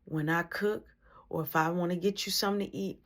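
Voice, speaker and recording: A woman's voice: fairly low pitch, fairly even intonation, fairly quick, fairly bright tone, natural voice. A woman voicing a stern angry mother who scolds her son with clipped threats. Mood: cold.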